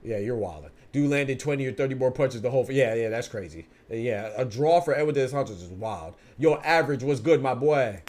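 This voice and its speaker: A man's voice: mid-range voice, lively intonation, brisk, hardly any pauses, a little mellow. A man hosting a boxing podcast livestream, talking casually and answering viewer chat in slangy speech. He often repeats words while he thinks.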